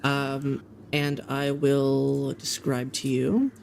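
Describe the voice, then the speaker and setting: A man running a tabletop game as game master, describing scenes in a halting way with many ums and restarts. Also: mid-range voice, slight background noise.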